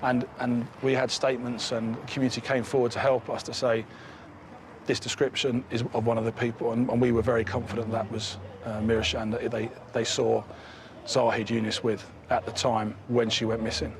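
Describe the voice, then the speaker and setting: A man's voice: mid-range voice, level tone, fairly quick, noisy background. A man, a police detective giving a documentary interview, who often restarts and repeats words.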